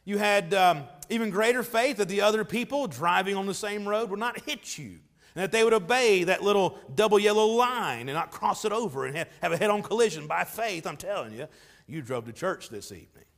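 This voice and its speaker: Pastor, male, emphatic preaching, fairly high voice, long church reverb. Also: animated, fairly quick, creaky, a bit bright. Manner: emphatic preaching with swells in volume, reads scripture aloud. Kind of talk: sermon. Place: church sanctuary.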